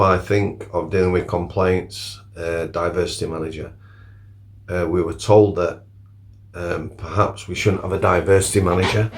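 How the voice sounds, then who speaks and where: A man, a former prison officer telling blunt, plain-spoken stories in a rambling, casual monologue. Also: low voice.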